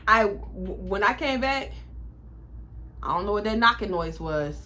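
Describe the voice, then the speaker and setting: A woman in her twenties telling a storytime in a casual, animated, profane way, acting out what people said. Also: medium pitch, measured pace, long pauses, a little hiss or hum. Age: 20s. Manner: animated, profane, acts out quotes. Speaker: vlogger.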